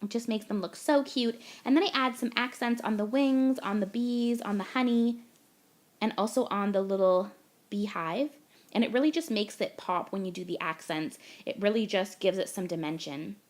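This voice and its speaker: A woman's voice: medium pitch, moderate pace. A young woman from Canada, gushing and chatty as she talks through a card-making tutorial voice-over step by step.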